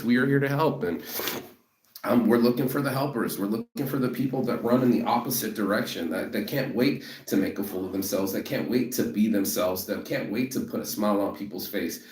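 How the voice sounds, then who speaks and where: A man's voice: fairly low pitch, a little fast, darkish tone. A man in a profane motivational rant about rejection, emphatic and repetitive, who says he is walking toward a train station. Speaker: vlogger. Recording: echoey, from a distance.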